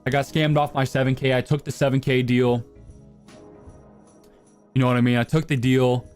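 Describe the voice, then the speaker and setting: A young man streams live and talks back to his chat in a loose, crude, slang-heavy way. His voice sits at an ordinary middle pitch, and quiet music plays underneath. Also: little pitch movement, normal speed, clear, resonant tone. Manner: crude, provocative, slangy banter.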